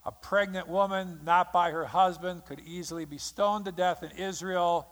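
Pastor preaching in a reverberant hall. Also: male voice, high-pitched, steady tone, moderate pace, fairly bright tone. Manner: dramatic storytelling, acting out quotes. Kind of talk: sermon.

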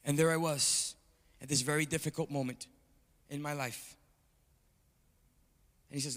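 Animated preacher in a reverberant hall. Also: male voice, on the high side, unhurried, long pauses. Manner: animated storytelling, calls out to the congregation. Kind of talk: sermon. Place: church sanctuary. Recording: long reverb of a large hall.

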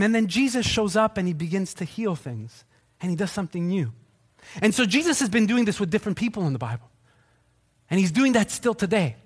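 A middle-aged man preaching a sermon in a high voice. He jokes with the congregation and slips into other people's voices, and his voice swings widely up and down. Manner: animated, joking, acts out quoted voices. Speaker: pastor.

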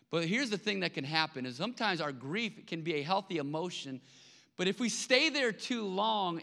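The pastor's high voice comes out pushed and bright as he delivers his sermon. His manner is conversational, with words repeated for emphasis, and the large church hall adds a long reverb.

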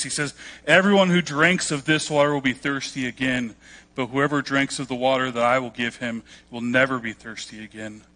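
A man's voice: mid-range voice, sharp tone. A man pastor preaching a sermon, telling the story conversationally and acting out the quoted voices with a joking touch.

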